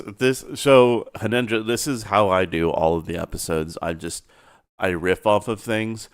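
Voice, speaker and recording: A man working as a content creator, dictating scene descriptions in a halting way with fillers and pauses, then chatting casually. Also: low voice, smooth, no echo, clean studio sound.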